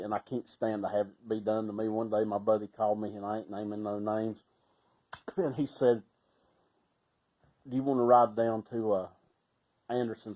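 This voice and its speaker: A middle-aged man with a Southern Appalachian accent, telling casual stories in a folksy way, laughing often and sometimes breaking into loud shouts. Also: on the low side, poor audio. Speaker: storyteller. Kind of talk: casual storytelling.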